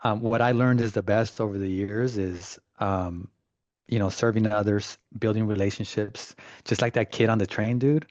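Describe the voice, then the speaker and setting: A man working as a real estate agent from Southern California tells stories in a casual, animated interview with relaxed slang. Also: fairly low pitch, moderate pace, no room sound. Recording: slightly dull, dry recording.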